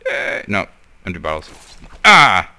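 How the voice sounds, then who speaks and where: Deep-voiced young man sarcastically commenting gameplay. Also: huge pitch swings, unhurried, pushed and bright. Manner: sarcastic, mutters and swears at the game. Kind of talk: casual let's-play commentary.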